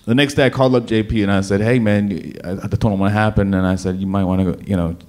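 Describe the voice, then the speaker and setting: A man telling a personal story to an audience, animated and dramatic, often repeating words as he restarts. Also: fairly low pitch, quick pace.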